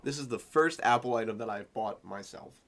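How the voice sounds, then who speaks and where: A man's voice: medium pitch, a little fast, a bit bright. A young man co-hosting a podcast, telling rambling stories in casual chat, swearing freely and laughing as he talks. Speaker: podcast co-host.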